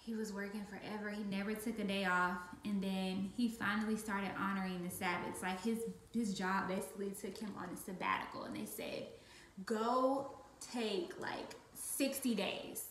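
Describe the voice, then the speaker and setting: A woman's voice: mid-range voice, little pitch movement, fairly quick, few pauses, fairly bright tone, roomy sound, a little hiss or hum. A woman leading a business team, talking casually about her faith and stressing points by repeating words. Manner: emphatic, repeats phrases for stress. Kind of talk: casual faith-based vlog talk.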